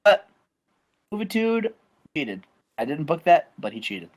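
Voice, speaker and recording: A young man casually narrating a wrestling booking game, rambling and animated. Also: on the high side, a little slow. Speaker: game show co-host.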